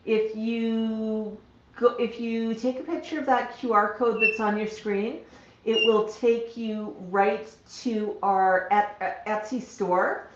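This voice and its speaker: A woman's voice: fairly high pitch, steady tone, takes it slowly, a little hiss or hum. A woman hosting a casual livestream from home, cooing to her pet parrots and chatting plainly to viewers. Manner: coos and baby-talks to her birds, then chats plainly. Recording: dull, roomy home recording.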